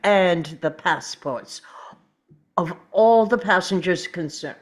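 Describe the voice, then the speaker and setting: A woman reading the part of a fastidious, courteous middle-aged male detective at a table read, speaking in a measured, precise way. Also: on the low side.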